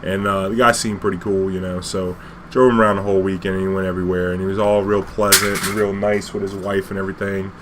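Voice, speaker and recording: A man tells a loose, rambling story about his cab days, packed with "you know" and casual swearing. His voice sits fairly low. A faint air conditioning hum runs underneath. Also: flat delivery, fast. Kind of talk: casual spoken anecdote.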